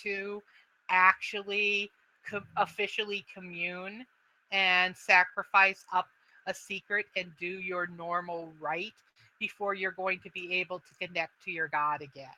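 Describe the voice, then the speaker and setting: A woman narrating a tabletop game as game master, describing actions step by step and pausing to find her words. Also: lowish voice, level tone, pushed and bright, low-quality recording.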